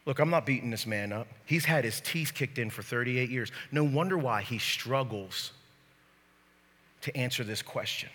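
Sharp-voiced man preaching in echoing hall. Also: mid-range voice, moderate pace. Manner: lively, joking, talks straight to the crowd. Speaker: pastor. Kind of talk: sermon. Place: church sanctuary. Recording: long hall reverb.

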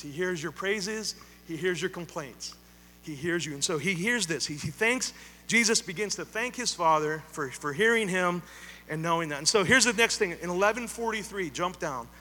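A man preaching a sermon with emphatic, repeated phrases that build into loud appeals. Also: high-pitched. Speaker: pastor. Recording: hall reverb, faint hum.

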